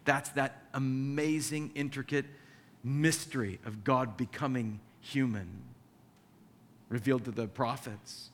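A man's voice: mid-range voice, slow, long reverb tail. A man preaching a sermon with a mid-range voice. He talks in an easy, conversational way and dramatizes the lines he quotes, leaning hard on key words. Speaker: pastor.

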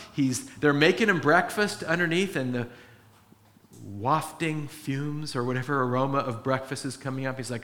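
Man preaching with animated storytelling. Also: medium pitch. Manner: animated storytelling, acting out quoted voices; earnest, emphatic teaching. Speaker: pastor. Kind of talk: sermon.

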